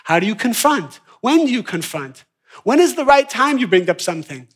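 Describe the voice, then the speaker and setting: A man teaching an evening spiritual class, lecturing in a lively way and acting out little scenes, swinging from soft mumbling to loud excited bursts. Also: high-pitched, moderate pace, breathy edge.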